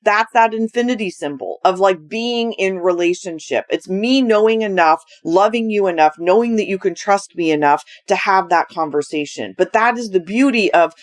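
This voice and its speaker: A woman's voice: medium pitch, normal speed, few pauses. Blunt, candid woman podcast host. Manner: blunt, swears casually, animated asides. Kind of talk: candid conversational chat.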